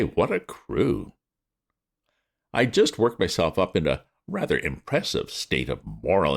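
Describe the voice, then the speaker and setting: Male audiobook reader; very deep, gravelly voice, lively wry delivery. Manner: lively, wry comic storytelling. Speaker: reader of classic fiction. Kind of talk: audiobook narration.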